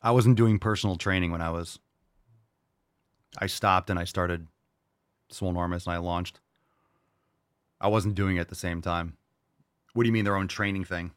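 A man's voice: deep voice, fairly even intonation, moderate pace, pauses often, no echo, studio quality. A man hosting a show and answering listener questions, giving a blunt, profane motivational rant. He mocks people in whiny put-on voices.

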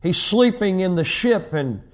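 A middle-aged pastor preaching a sermon and telling a personal story, acting out the dialogue in changing voices. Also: male voice, high-pitched, lively intonation, unhurried.

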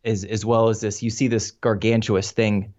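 A man's voice: fairly low pitch, flat delivery, moderate pace, darkish tone. A man talking casually as a podcast guest, hesitant and restarting often, on a home mic in an echoey room. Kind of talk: casual conversation. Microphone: home podcast mic over video call. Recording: dull lo-fi call in an echoey room.

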